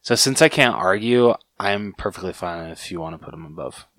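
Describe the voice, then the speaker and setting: A man's voice: low voice, animated, a little fast, a bit bright, no echo, clean studio sound. A man co-hosting a casual podcast chat, easygoing and agreeable, often asking short questions. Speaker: podcast co-host.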